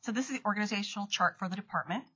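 Brisk, husky woman giving formal testimony. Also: medium pitch, fairly bright tone. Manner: reads steadily, corrects small slips. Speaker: acting state commissioner testifying. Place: legislative hearing room. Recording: dull lo-fi hearing audio.

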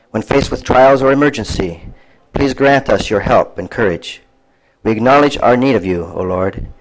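Low-voiced pastor leading a solemn prayer. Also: male voice, slight background noise, poor audio. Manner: solemn, unhurried prayer cadence. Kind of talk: invocation prayer.

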